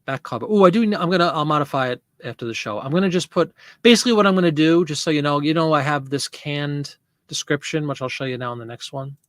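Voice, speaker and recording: A man with a slightly high, fairly bright voice talks quickly while hosting a casual live selling stream. He's chatty and rambling, laughing often as he reads viewer comments aloud and answers them. The recording is dry and studio quality.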